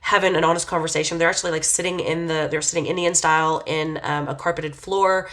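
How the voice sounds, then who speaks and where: A woman's voice: sits low, steady tone, fast talker, a bit bright. A woman giving a casual tarot reading, talking in a meandering, hesitant way full of fillers as she muses on what she senses. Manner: reflective, intuitive musing. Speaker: tarot reader.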